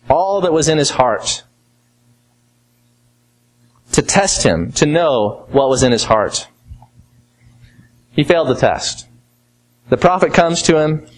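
A man preaching an expository sermon, asking rhetorical questions and moving from emphatic to quiet, slow stresses. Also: sits high, rough recording. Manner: teaching, asks rhetorical questions.

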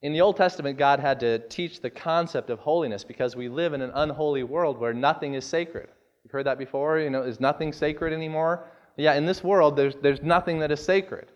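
A man preaching a sermon as pastor, earnest and deliberate, stressing key words. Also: fairly high pitch, dull audio. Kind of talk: sermon with scripture reading.

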